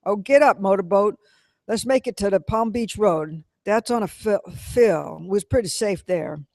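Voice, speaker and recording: A man's voice: high voice, fairly even intonation, a little slow, darkish tone, no room sound, clean studio sound. A man voicing a young Southern man fleeing a flood, speaking urgent dialect.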